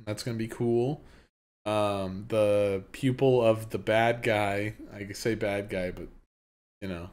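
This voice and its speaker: A man with a somewhat low voice co-hosts a podcast about comics. He talks in a relaxed, easygoing way. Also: slow. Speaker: podcast co-host. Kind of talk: casual manga review chat.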